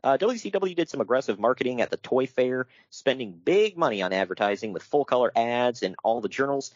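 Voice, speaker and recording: On a casual podcast, a male co-host reads his notes aloud and then riffs on them with wry asides and lots of laughter. His mid-range voice has lively intonation and runs a little fast, and the lo-fi recording has no room sound.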